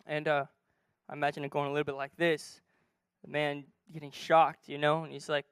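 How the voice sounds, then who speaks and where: A man preaching a sermon from a church stage, retelling a story and acting out its dialogue, moving between soft and loud. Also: fairly high pitch, flat delivery, fast, smooth, no echo.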